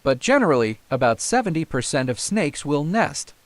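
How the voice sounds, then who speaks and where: Guy doing snake science outdoors, bouncy pitch, dry close sound, lots of wows. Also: normal speed, no room sound. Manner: excited exclamations, counting aloud. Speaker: snake educator. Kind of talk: outdoor field commentary.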